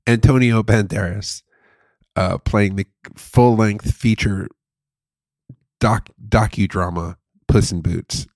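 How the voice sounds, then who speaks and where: Casual co-host, male, gravelly and low, loves a running gag. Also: steady tone, takes it slowly, a little mellow, dry recording, clean studio sound. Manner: jokey, goes into comic bits and repeats them. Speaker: podcast co-host. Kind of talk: casual chat.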